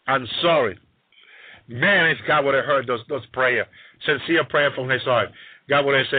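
A man's voice: medium pitch, normal speed, no room sound. A man preaching a sermon, emphatic and repetitive, often exclaiming hallelujah. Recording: tinny phone-like sound.

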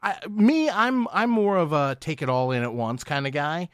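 A man's voice: fairly high pitch, expressive, smooth, dry recording. Hesitant man with a dry, close voice. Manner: hesitant, stammering, slow. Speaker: podcast co-host. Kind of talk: casual chat.

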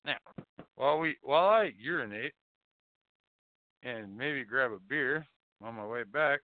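A man's voice: medium pitch, lively intonation, unhurried, no echo. A man hosting a call-in show, rambling casually with profane, mocking jokes. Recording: phone-like dry lo-fi audio.

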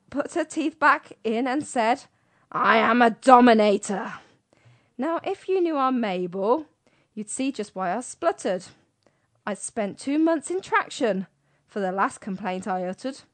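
A British woman co-hosting a casual radio chat show and reading a comic poem aloud with brisk, playful emphasis. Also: sits high. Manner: brisk, chatty, reads verse with comic emphasis. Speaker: co-host.

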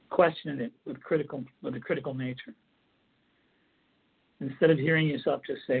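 Earnest husky man on tinny audio. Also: fairly high pitch, fairly quick. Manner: earnest, repetitive, restarts phrases while explaining. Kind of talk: instructional talk.

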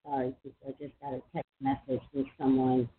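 A woman's voice: a bass voice, flat delivery, slight background noise. Woman psychic call-in host, chatty and emphatic, tinny phone-line sound. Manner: chatty, emphatic, quick asides. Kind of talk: casual call-in talk.

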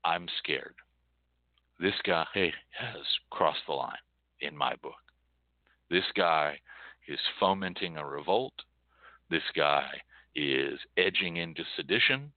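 A man hosting a show in an impassioned monologue, swinging from loud outbursts to hushed, near-whispered dread. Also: a bass voice, lively intonation, slow pace, no echo. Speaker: show host. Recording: tinny phone-like audio, dry.

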